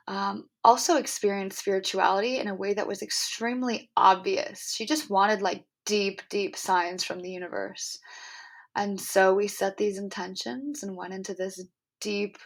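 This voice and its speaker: A young adult woman hosting a podcast, telling a personal story in an earnest, animated way, full of "like" and "um". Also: mid-range voice, vocal fry. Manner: earnest, animated, heavy use of "like" and "um". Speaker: podcast host.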